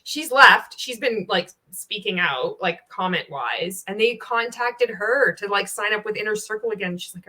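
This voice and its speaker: A woman's voice: medium pitch, moderate pace, sharp tone. A woman giving casual reaction commentary as a former insider, blunt and sarcastic, swearing freely. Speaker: anti-MLM reaction commentator.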